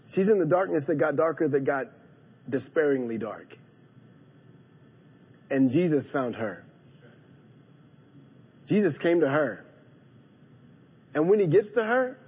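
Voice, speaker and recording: A male pastor preaching a sermon in a church, moving from hushed emphasis to emphatic calls to his congregation. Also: a little high, slightly rough, muffled recording. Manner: dynamic preaching, drops to a hush then rises to emphatic calls; addresses the congregation directly. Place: church sanctuary.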